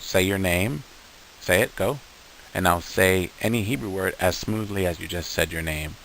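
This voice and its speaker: A man with a deep, low-pitched voice teaches a beginner lesson. He is patient and unhurried, repeating each syllable and word so the learner can follow along. A faint hiss runs under the recording. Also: a bit bright, rough recording. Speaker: Hebrew teacher.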